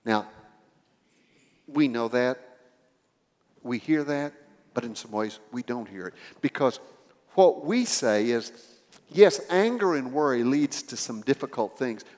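Preacher in a reverberant hall. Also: male voice, mid-range voice, expressive, a little slow, pauses often, darkish tone. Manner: storytelling with acted dialogue, emphatic swells. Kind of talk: sermon.

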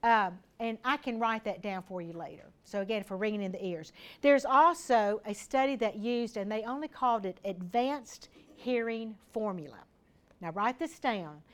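A woman's voice: mid-range voice, expressive, normal speed, few pauses. A woman giving an informal health talk to a small group in a room, chatty and practical, speaking straight to her listeners.

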